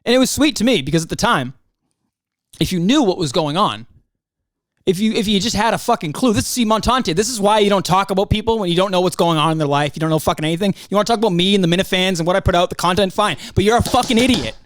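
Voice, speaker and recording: A man's voice: high voice, fast talker, a bit bright, no echo, studio quality. A young man hosting a solo podcast, ranting in a heated, profane way. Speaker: podcast host. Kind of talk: angry solo podcast rant.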